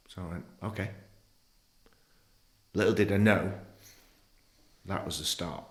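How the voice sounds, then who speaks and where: A man in his fifties speaks as a podcast guest, blunt and animated, with frequent swearing. His voice sits on the low side. The room around him rings with a noticeable echo. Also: unhurried, pauses often. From England. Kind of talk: candid interview conversation.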